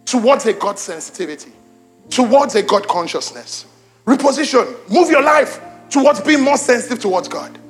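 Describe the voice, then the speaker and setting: An animated young pastor with a notably high voice preaches to his church. He swings from loud exclamations down to hushed emphasis and keeps repeating his lines. Faint music plays softly underneath him. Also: moderate pace. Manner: repeats lines for emphasis, addresses congregation directly. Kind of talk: sermon. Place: church auditorium with congregation.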